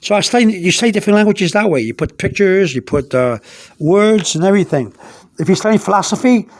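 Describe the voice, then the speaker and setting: Guy with a pretty high voice, rambly show and tell at home, phone mic over a notebook. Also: lively intonation, fast talker. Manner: rambling, narrates each step as he does it. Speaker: self-taught language learner.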